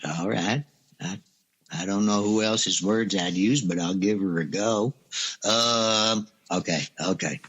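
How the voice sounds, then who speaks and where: Low-voiced Louisiana man, bright tone, rambling comic guest. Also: slow pace, breathy edge, highs cut off. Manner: rambling, hesitant, mangles names. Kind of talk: comedic radio interview.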